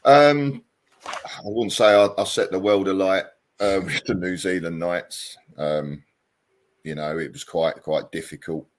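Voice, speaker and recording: A deep-voiced, middle-aged former footballer from England chats in a casual interview. He's hesitant and self-deprecating, pausing a lot and saying um often.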